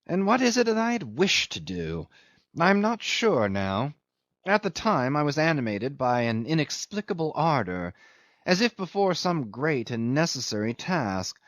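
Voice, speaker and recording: A man reading a literary novel aloud in a measured, brooding, emphatic manner. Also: medium pitch, no echo. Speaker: audiobook narrator. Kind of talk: literary audiobook narration. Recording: dull, dry lo-fi recording.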